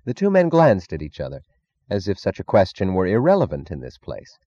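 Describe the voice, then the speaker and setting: A man narrating a novel in a measured, even storytelling manner. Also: sits low, no room sound, highs cut off. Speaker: audiobook narrator. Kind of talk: scripted narration.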